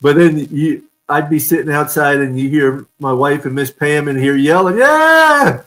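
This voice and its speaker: A man's voice: on the high side, flat delivery, moderate pace, poor audio. A man hosting a casual live-streamed fan chat, telling stories and laughing often over a video call. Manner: chatty storyteller, laughs often. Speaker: fan show host.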